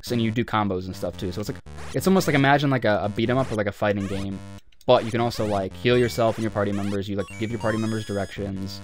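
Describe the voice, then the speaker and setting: Fast-rambling man in casual game commentary. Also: on the low side, fairly even intonation, faint music behind. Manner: rapid rambling with many filler words. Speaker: let's play co-host.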